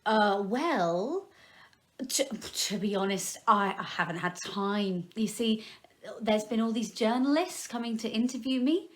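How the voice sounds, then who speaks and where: A man's voice: high voice, animated, measured pace, a bit bright. A man voicing a sly, clever crab doctor who speaks in an easygoing way.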